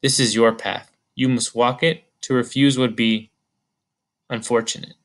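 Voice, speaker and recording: A man reading the part of a sorrowful ancient female weeping spirit, gentle, solemn and pleading. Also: mid-range voice, fairly even intonation, unhurried, natural voice.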